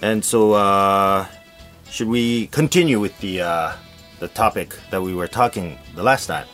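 A man's voice: lowish voice, a little slow, soft background music. A man co-hosting a podcast in a small studio, talking casually with many fillers. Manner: relaxed, many fillers, reads listener emails aloud. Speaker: podcast co-host, rakugo performer. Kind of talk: casual chat.

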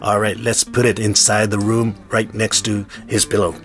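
A man's voice: on the low side, flat delivery, normal speed, a bit bright, lightly acted. Giggly scheming prankster guys, a man putting them on, faint guitar. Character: group of mischievous men, scheming pranksters.

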